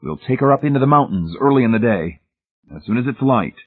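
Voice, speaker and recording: A man reading a resolute quiet man, husky. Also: medium pitch, expressive, fast talker, voice pushed up. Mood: firm. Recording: tinny, phone-like narrow sound.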